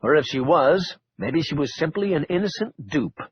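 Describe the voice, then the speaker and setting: A male narrator with a husky voice and a lively, rising-and-falling delivery, reading a thriller with wry drama. The recording sounds dull and lo-fi, and his voice sits on the higher side. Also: moderate pace, dry recording. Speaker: audiobook narrator. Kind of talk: scripted narration.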